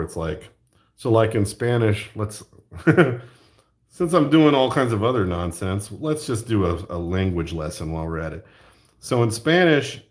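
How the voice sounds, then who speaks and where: A young Southern man hosts a livestream, chatting and rambling casually, reading the chat and laughing often. He has a Southern accent and a lowish, somewhat mellow voice.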